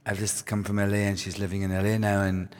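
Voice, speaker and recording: A man's voice: lowish voice, monotone, fast, a little mellow, clear, resonant tone. A man, a guest author, chatting on stage before an audience with laughing asides. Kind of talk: on-stage conversation. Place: event hall before an audience. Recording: reverberant hall.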